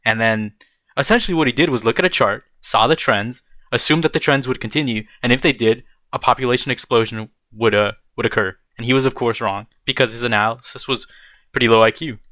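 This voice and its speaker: A man's voice: medium pitch, brisk, sharp tone, dry recording. A young man giving casual, blunt commentary while reacting to a video, rambling and dropping bro and dude.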